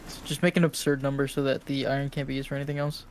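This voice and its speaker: A man's voice: medium pitch, level tone, very fast, slight background noise. A man playing a co-op game with friends, joking bluntly and swearing casually. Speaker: player, co-op teammate. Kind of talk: casual chat while gaming.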